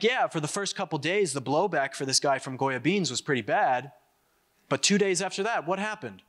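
A man's voice: medium pitch, a bit bright. A young American man giving an emphatic political speech to an audience, repeating words as he builds his points. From United States. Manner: emphatic, repeats himself, quick asides. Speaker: conference speaker.

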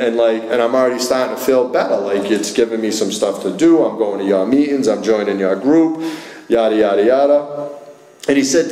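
A man's voice: lowish voice, darkish tone. A man from Massachusetts, telling his personal recovery story to a meeting, with lots of fillers and quoted dialogue. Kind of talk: personal recovery talk to an audience. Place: meeting hall. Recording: echoey room.

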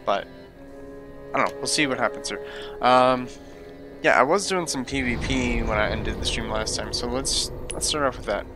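A young male game streamer comments casually on his own gameplay in a mid-range voice at a moderate pace. He's laid-back but grumbles and swears at opponents, with game music playing behind him.

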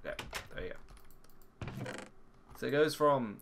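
A man's voice: mid-range voice, lively intonation, slow pace, pauses often, fairly bright tone, a little hiss or hum. A man giggling through casual gameplay commentary, goofing around with silly voices.

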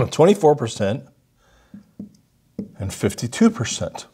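A male audiologist explaining a patient case as a lively story, acting out what the patient said. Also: medium pitch, slow, husky, soft background music. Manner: animated storytelling, acts out the patient's lines.

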